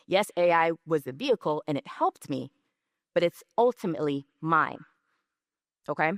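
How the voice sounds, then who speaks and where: A woman's voice: low voice, animated, normal speed, long pauses, dry recording, studio quality. A woman giving a conversational business presentation, telling stories and often checking in with the audience with "right?" and "okay?". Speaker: speaker at a business session.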